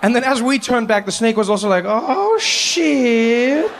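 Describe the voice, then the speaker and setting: A man does stand-up storytelling with an animated, fast-shifting delivery. His voice sits high for a man. He plays to a large theater with a long reverb and faint ambient noise behind him. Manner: animated, jumps between voices. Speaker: stand-up comedian. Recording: live hall with long reverb.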